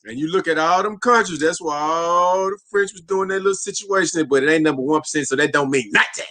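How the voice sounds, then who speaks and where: A man co-hosts a casual livestream. He jumps in with animated remarks. His voice sits a touch above the usual pitch and has a bright edge. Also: fast talker. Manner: animated, chiming in with commentary. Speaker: livestream co-host.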